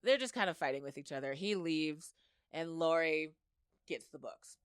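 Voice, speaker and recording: A woman's voice: low-pitched, expressive, normal speed, clean tone, no echo, studio quality. A woman hosting a podcast, chatting casually as she retells a story and slips into quoted dialogue. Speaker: podcast host. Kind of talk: casual episode recap.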